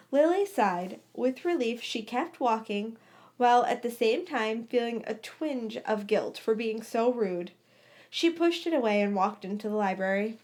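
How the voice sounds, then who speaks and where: Woman narrator, high and slow, casual story reading with stumbles. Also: darkish tone. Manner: stumbling, rereading phrases. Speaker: story reader. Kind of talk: reading fan fiction aloud.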